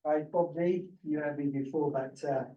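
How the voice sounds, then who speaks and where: Higher-voiced man polling a room. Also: fairly even intonation, moderate pace, mellow, echoey room, distant mic, muffled recording. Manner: engaging, polls the audience, self-deprecating humor. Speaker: workshop speaker. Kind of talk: casual talk to a group. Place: meeting room with a live group.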